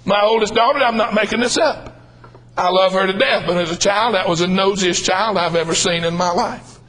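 A man's voice: high voice, a little fast, fairly bright tone, poor audio. An older man preaching a humorous sermon, folksy and drawling, calling out lines for emphasis.

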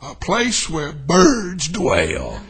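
A man with a Southern US accent preaching a sermon as a pastor, exuberant and shouting, breaking into high whoops and laughter. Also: huge pitch swings, very slow. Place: church sanctuary.

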